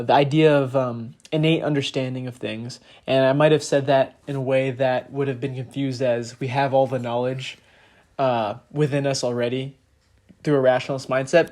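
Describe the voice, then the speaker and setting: A young man with a slight lisp hosts a casual podcast. He explains ideas in an earnest, measured way and fills his pauses with ums and uhs. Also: medium pitch, a little mellow. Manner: earnest, explanatory, with frequent fillers. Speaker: podcast host.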